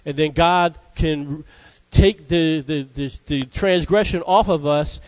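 A man's voice: a little high, takes it slowly, a little mellow, dry recording, rough recording. A man preaching a sermon in a fervent call-and-response style, often asking "Amen?" and breaking into "Hallelujah,".

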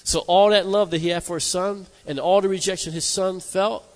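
A man's voice: high-pitched, steady tone, a little fast. A man preaching a sermon in a slightly raised voice, pressing his points hard and checking in with the congregation. His voice carries a long reverb, as in a large hall. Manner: emphatic, asks the congregation "amen?".

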